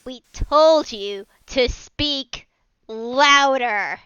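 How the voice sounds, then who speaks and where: A fierce adventurer speaking in layered voices, demanding answers with a commanding, threatening edge, as a woman puts it on. The voice is bright and clear but slow and deliberate. It sounds dry and a little dull, like online call audio. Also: high-pitched, dry recording, heavily acted.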